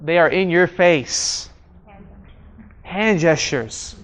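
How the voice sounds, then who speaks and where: A man's voice: a little high, drawn-out words, fairly bright tone. A man leading a communication workshop, asking the room questions and repeating his key points. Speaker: communication trainer. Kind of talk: live workshop instruction. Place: training room with audience.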